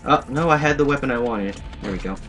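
Here a young male gaming commentator jokes his way through a shooter game in a let's play, his commentary playful and sarcastic with plenty of asides. The voice is mid-range, quick-paced and fairly bright. Behind him, game music plays faintly.

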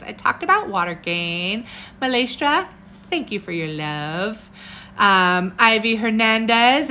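A woman's voice: mid-range voice, sharp tone, slight background noise. A woman herbalist chatting casually on a live stream, bubbly and talkative, reading out viewer comments. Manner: bubbly, chatty, laughs often, reads viewer comments aloud.

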